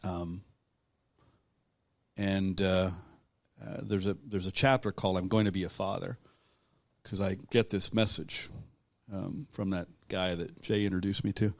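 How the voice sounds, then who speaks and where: A man being interviewed about his own life, talking in a halting, reflective way with many restarts. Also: sits low, fairly even intonation, dry recording. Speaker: guest author. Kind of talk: conversational storytelling.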